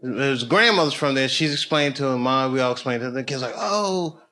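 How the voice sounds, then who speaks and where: A man doing stand-up comedy, telling a story in a loose, animated way that swings from low muttering to loud bursts. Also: fast. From United States. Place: comedy club stage.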